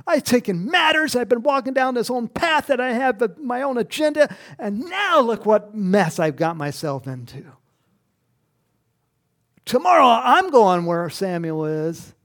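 A man's voice: very high voice, sing-song, unhurried, voice pushed up, heavily acted. Saul, a preacher acting out a panicked king. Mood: dismayed. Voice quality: raised, strained and shouting. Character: panicked, self-pitying ancient king, middle-aged man.

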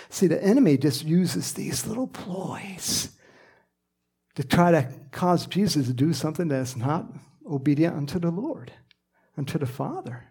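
Man, pastor, conversational sermon, gravelly husky voice, fairly high pitch, sudden whispers. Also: sing-song, unhurried, warm tone. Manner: conversational, acts out quoted lines, drops to whispers.

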